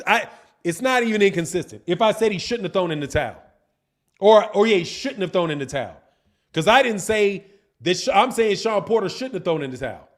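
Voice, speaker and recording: A man's voice: high voice, a bit bright. A man hosting a boxing channel livestream, answering the chat in a combative, repetitive way. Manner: combative, repetitive, insults critics.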